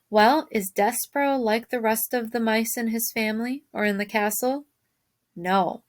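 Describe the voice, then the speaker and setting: A woman teacher reads a chapter book aloud to her class. Her voice sits a little high. She reads expressively and often pauses to put questions to her listeners. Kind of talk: reading a storybook aloud to a class.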